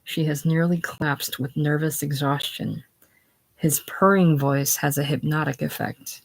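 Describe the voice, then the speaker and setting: A reader reading a play's stage directions aloud in a plain, unhurried way during a casual reading. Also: mid-range voice, fairly even intonation, gravelly. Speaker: play reader.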